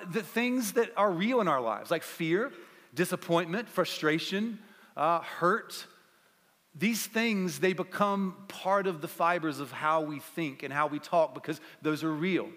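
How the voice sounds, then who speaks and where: A man's voice: sits high, a little slow. Man preaching in an echoing hall. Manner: energetic, conversational, rallying the audience. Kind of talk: sermon. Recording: long reverb in a large hall.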